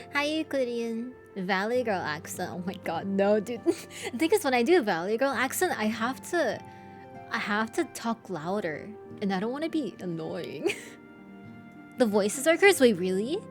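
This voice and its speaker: A woman streaming live and chatting casually with her viewers. She laughs often and swears casually. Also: medium pitch.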